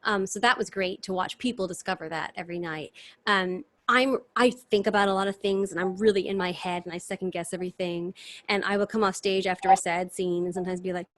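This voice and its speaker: A woman, chatting as an interview guest in animated, restart-filled stories over a video call. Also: mid-range voice, fairly quick. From New York City. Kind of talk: casual chat.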